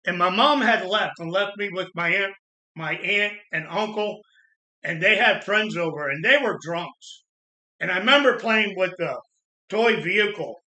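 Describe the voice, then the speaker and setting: A man from Florida telling his own life story in a halting, earnest way, with pauses and restarts. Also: high-pitched, sharp tone. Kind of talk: personal storytelling monologue. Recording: echoey room.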